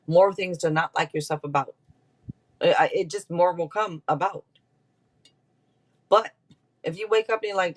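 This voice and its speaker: A woman giving a casual tarot reading on a live stream, chatty and quick to laugh as she talks straight to her viewers. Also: fairly low pitch. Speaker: tarot reader.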